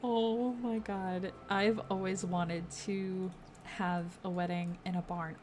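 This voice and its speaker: Gushing young woman, slow-paced game commentary. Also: medium pitch, steady tone, a little mellow, a little hiss or hum. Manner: gushing, easily delighted, lots of fillers. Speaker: gaming video creator. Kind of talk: casual game walkthrough commentary.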